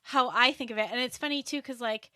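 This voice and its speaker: A woman guest on a podcast, telling a personal story in a casual, animated way and laughing often. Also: on the high side, brisk, no room sound, studio quality.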